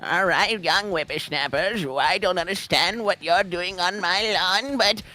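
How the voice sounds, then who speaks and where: A man voicing a grumpy old grandpa who shoos young people off his lawn, speaking slowly and crankily. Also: high voice, bright, forceful tone, no echo, voice pushed up, full character voice. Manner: slow, cranky, drawn-out.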